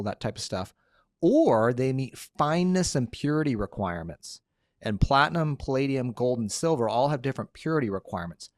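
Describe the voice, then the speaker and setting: A man's voice: mid-range voice, no room sound, clean studio sound. A man hosting a casual podcast, answering listener questions in an upbeat, joking way. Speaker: podcast host and lawyer.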